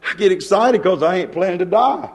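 High-voiced, fervent male preacher. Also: fairly quick, vocal fry. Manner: excitable, hollering preacher who mimics hecklers. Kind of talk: fervent sermon.

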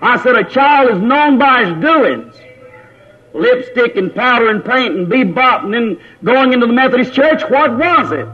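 A man's voice: very high voice, expressive, moderate pace, slightly rough. A man preaching a fiery Pentecostal sermon in church, scolding and mocking as he goes. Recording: old dull lo-fi sermon tape.

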